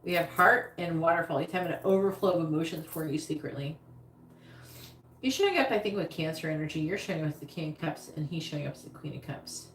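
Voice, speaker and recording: A woman's voice: sits low, quick pace, a bit bright, reverberant, slight background noise. A woman giving a casual live-stream tarot reading, chatty and rambling, talking straight to her viewers. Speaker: psychic reader on a live stream.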